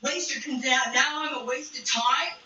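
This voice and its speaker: A woman's voice: high-pitched, fairly even intonation, normal speed, bright, forceful tone, lo-fi sound, a little hiss or hum. A woman voicing a wounded, sarcastic teenage boy in a story she tells. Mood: sulky sarcastic. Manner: sarcastic, offended, mocking. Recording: roomy distant mic with video playing behind.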